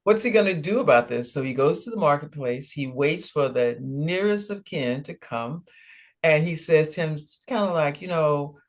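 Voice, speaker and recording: A man's voice: a little high, moderate pace. A man co-hosting a ministry podcast, retelling a Bible story in conversational teaching style and acting out the dialogue.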